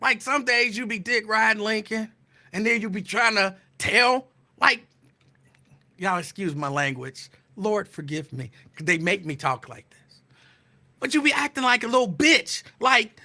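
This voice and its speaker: A man's voice: sits high, lively intonation, unhurried, sharp tone. A man hosting his own podcast, teasing and calling someone out in a profane, repetitive casual rant. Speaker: podcast host.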